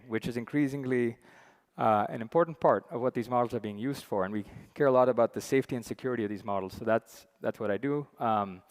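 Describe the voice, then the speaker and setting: Chatty man chairing a conference session. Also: medium pitch. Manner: relaxed, chatty, with many fillers. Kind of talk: conference stage talk. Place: large conference hall. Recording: long hall reverb.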